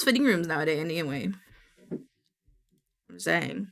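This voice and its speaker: A woman's voice: mid-range voice, expressive, normal speed, vocal fry, long pauses, a bit bright. A woman streamer chatting casually while she works, muttering to herself and swearing now and then. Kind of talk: casual co-working stream chat.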